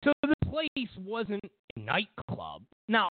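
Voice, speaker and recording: Male commentary host, lively pitch swings, rambling opinionated monologue, dry thin phone-quality sound. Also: takes it slowly, no room sound. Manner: meandering storytelling with many fillers and restarts. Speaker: host of political commentary show.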